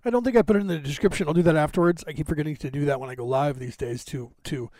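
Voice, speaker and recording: A man's voice: fairly high pitch, rapid-fire, a little mellow, no room sound. A man hosting a live podcast stream, chatting casually and rambling with many fillers and restarts. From United States. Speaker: podcast host. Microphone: camera on a box, live stream.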